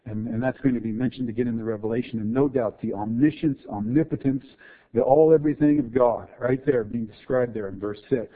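This expository sermon comes from a medium-pitched man who moves between quiet explanation and fervent emphasis, heard through tinny, phone-like sound.

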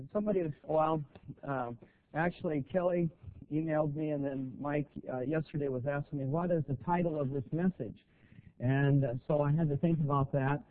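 A middle-aged man preaching a sermon, halting, with many fillers and rising emphasis. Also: a little high. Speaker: guest preacher. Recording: tinny phone-like sound.

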